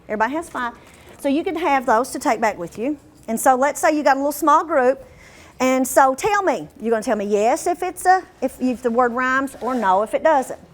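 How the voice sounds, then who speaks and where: Woman, workshop trainer with a slightly high voice, hands-on and interactive, drags demo words out slow. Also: lively intonation. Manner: interactive, quizzes the room and stretches demo words out slowly.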